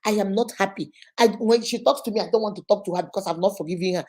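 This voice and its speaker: A woman's voice: medium pitch, very fast, a little mellow. A woman hosting a casual live stream, giving emphatic marriage advice and greeting viewers by name. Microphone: phone.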